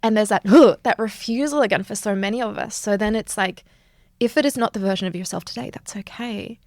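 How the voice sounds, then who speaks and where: Gravelly woman, earnest and animated. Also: medium pitch, a little fast, no echo, clean studio sound. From Australia. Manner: earnest, animated, laughs often. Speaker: yoga instructor, guest. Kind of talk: reflective conversational interview.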